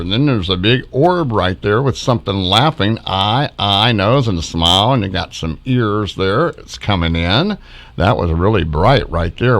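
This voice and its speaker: A middle-aged man casually narrating his backyard footage as a ufology vlogger, chuckling often as he points out faces in orbs. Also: fairly low pitch.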